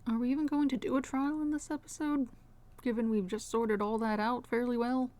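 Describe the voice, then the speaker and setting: A woman's voice: a little high, steady tone, a little mellow, close to an everyday voice. A woman voicing a pompous, theatrical male detective who lectures grandly while reading game dialogue aloud. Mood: lecturing. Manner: grandiose, lecturing, dramatic pauses.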